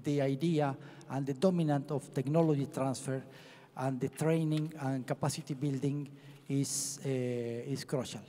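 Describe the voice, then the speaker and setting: A man heading a space agency gives a halting conference speech full of restarts and fillers. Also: medium pitch, fairly even intonation, warm tone. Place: large conference hall. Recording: echoey large hall.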